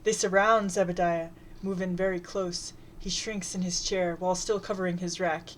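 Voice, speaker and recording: A woman's voice: lowish voice, flat delivery, moderate pace, slight background noise. Woman reading a comic story aloud. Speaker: reader.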